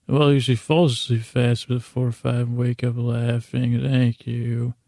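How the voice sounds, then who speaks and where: A man with a gravelly, mellow voice tells a meandering bedtime story, keeping his delivery flat and sleepy. The sound is dry and close, with no room around him. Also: a little slow, dry recording. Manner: low-key, drowsy, meandering. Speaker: podcast host.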